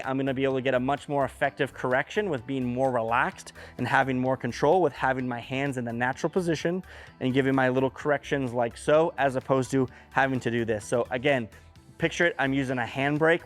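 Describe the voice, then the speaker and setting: Plainspoken male dog trainer, mid-pitched. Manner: plainspoken, uses everyday comparisons. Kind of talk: instructional demonstration.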